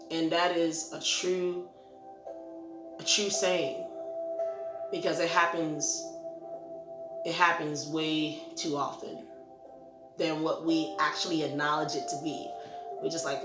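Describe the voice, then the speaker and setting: A woman's voice: low-pitched, fairly even intonation, slow, pauses often. A woman hosting a Christian ministry channel, talking casually to camera in an earnest, rambling, self-reflective way. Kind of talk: casual encouraging talk to camera. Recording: roomy echo with faint music.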